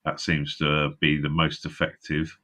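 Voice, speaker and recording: Man with a low, bright voice, swearing. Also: completely flat delivery, a little slow. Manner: swears a lot, rambling and laughing. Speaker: co-host of a live stream. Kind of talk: casual chat. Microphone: video call.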